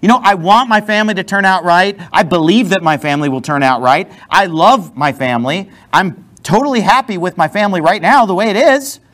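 A man's voice: high voice, fairly quick, few pauses, a bit bright. A man preaching a sermon as a pastor in a church, blunt and emphatic, with sarcastic asides. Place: church with a responding congregation.

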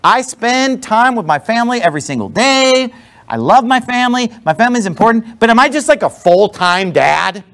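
A man's voice: very high voice, lively intonation, a little fast, a bit bright. A man preaching a sermon as a pastor in a church, blunt and emphatic, with sarcastic asides. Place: church with a responding congregation.

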